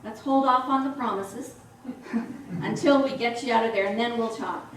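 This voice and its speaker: A woman voicing God as a calm, patient presence, gently amused. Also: fairly high pitch, normal speed, a little hiss or hum, close to an everyday voice. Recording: echoey hall from far off.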